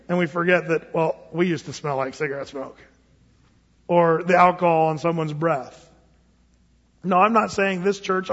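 A middle-aged man preaching a sermon as pastor, conversational with joking asides. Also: high voice. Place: church sanctuary. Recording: dull sound with long hall reverb.

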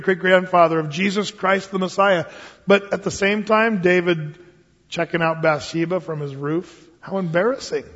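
A man teaching a Wednesday night Bible study as a pastor, telling stories with lively acted-out quotes. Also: sits high. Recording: dull lo-fi sound with long hall reverb.

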